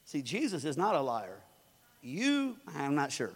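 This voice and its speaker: A man's voice: on the high side, wildly swooping pitch, measured pace, breathy edge. A male pastor preaching a conversational sermon with joking asides in a church. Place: church sanctuary. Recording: long reverb of a large hall.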